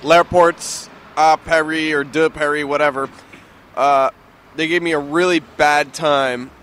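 A man chatting casually in a dry, low-key way on a balcony above a busy street. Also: fairly bright tone. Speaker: co-host. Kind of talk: casual chat. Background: street traffic.

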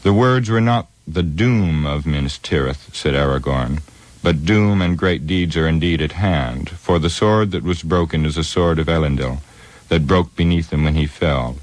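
A man voicing a weathered, grave male ranger, heir of kings, speaking in a measured, solemn way in an audiobook reading. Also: very deep voice, dry recording.

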